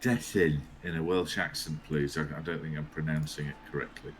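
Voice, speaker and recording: A man's voice: very deep voice, fairly even intonation, fairly quick, noisy background. A man co-commentating a game livestream, chatty, joking and swearing freely.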